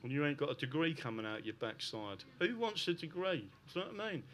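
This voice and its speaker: A man's voice: fairly high pitch, animated, quick pace, a bit bright, slight background noise. A middle-aged man with a South London accent giving a fervent, unscripted talk to an audience, peppering his points with "listen" and "right?". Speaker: public speaker.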